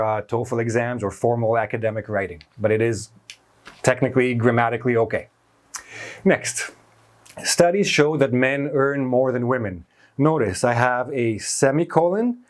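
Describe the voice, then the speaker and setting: A male teacher walks through grammar examples at a whiteboard, his voice sitting at an ordinary middle pitch. He stresses the words he is explaining and pauses to restate them, often restarting a phrase to correct himself.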